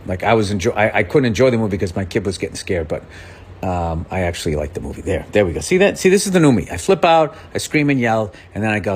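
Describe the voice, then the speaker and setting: A man's voice: fairly low pitch, very animated, fast talker, slight background noise. A man talking on a podcast, ranting with exasperation and profanity, voice swinging up and down. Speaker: comedian. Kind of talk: podcast rant.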